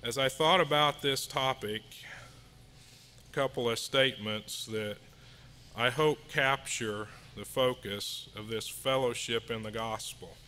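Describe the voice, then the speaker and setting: A man delivers a sermon to a small house church, reading scripture and hymn lines in a slow, measured way. His voice is bright and forceful. Faint background noise sits under the recording. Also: mid-range voice. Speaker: lay preacher. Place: house church meeting room.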